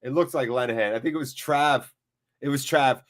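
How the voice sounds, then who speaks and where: A man hosting a live football watchalong, commentating and joking excitably and swearing freely. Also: medium pitch, a little fast. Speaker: watchalong host. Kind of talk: live match commentary and chat.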